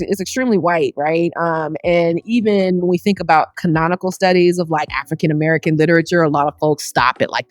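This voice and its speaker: A woman's voice: sits low, dry recording. A middle-aged woman with a Southern US accent, a scholar talking casually and colloquially in an interview, with self-aware humor. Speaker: scholar guest.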